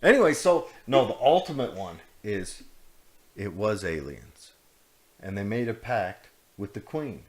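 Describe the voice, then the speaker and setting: A man's voice: on the low side, very animated, measured pace. Man, podcast co-host, rambling joking storyteller, casual chat. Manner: rambling, jokey storytelling with laughs.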